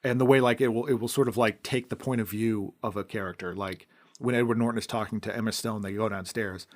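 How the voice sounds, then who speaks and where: A man co-hosting a podcast, talking casually about a film in long rambling stretches that often drop off quietly. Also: lowish voice, steady tone, fast. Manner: rambling, trails off into quiet asides. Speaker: podcast co-host.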